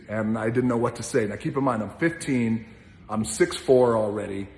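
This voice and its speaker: A man's voice: mid-range voice, normal speed, darkish tone. A man casually telling an anecdote as a guest, acting out other people's lines and swearing freely. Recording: roomy hall with long reverb.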